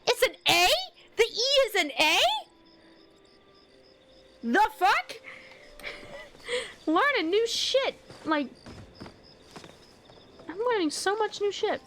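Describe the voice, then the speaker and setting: A woman streaming a video game, chatting casually, reading menu items aloud, getting excited and swearing freely. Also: very high-pitched, slow, pauses often, a little hiss or hum.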